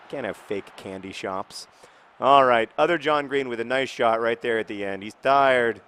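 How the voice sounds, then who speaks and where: A man's voice: medium pitch, normal speed, fairly bright tone, a little hiss or hum. A man giving casual, rambling commentary while playing a football video game, with wry, mock-outraged asides. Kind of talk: casual let's-play commentary.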